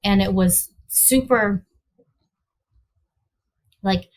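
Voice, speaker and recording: A woman's voice: mid-range voice, measured pace, a bit bright. A woman guest telling a personal story in a rambling way, searching for words and acting out her own reactions. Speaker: interview guest.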